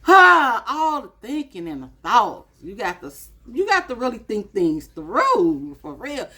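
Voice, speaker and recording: Slow, lively-voiced woman in her fifties. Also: a little high, husky. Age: 50s. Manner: chatty, musing, addresses viewers as y'all. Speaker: vlogger. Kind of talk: casual chat to camera.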